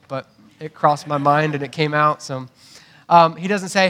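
A pastor with a fairly high, slightly bright voice preaches a little slowly and with fairly even intonation. His conversational sermon features asides, restarts with repeated words, and frequent tag questions such as "right?"

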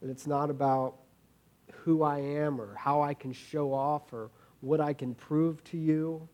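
A man's voice: fairly high pitch, level tone, measured pace, darkish tone. Earnest man preaching a casual sermon. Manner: earnest, informal, repeats words as he goes. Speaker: pastor. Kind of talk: conversational sermon.

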